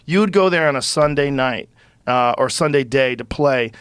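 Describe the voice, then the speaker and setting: A middle-aged man hosting a podcast, telling an animated, profanity-laced story in casual conversation into a close studio microphone. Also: medium pitch, normal speed, clear, resonant tone, dry recording. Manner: animated, profane, acts out quotes. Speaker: podcast host.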